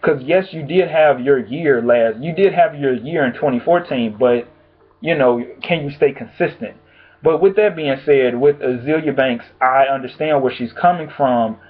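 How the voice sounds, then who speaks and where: A man's voice: mid-range voice, normal speed. Exasperated man ranting, tinny audio. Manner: blunt, profane, exasperated ranting. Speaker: vlogger. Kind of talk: casual opinion commentary.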